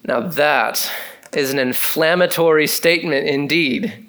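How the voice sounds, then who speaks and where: Speaking a bit slowly in a slightly high voice, a preacher gives an animated, chatty sermon. He reads scripture aloud and talks to his congregation, sprinkling in lots of relaxed fillers.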